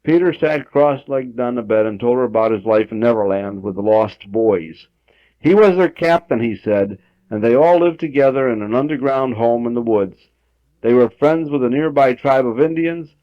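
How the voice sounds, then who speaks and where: A man reading a children's story aloud at home, expressive, lifting his voice for emphasis. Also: mid-range voice, normal speed, no room sound. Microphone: home tape recorder. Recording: dull 1960s home audiotape.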